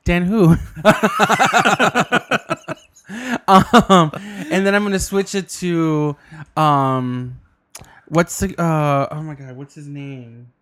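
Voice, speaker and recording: A man's voice: a little high, steady tone, drawn-out words, long pauses, fairly bright tone. A man co-hosting a podcast in casual, crude banter, laughing often. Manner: giggly, laughs often while talking. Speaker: podcast co-host. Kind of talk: casual chat.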